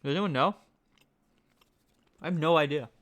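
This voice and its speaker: Speaking at a moderate pace in a slightly high voice, a streamer narrates a card game tournament live. He thinks out loud with excitement and frequently asks his chat what they think.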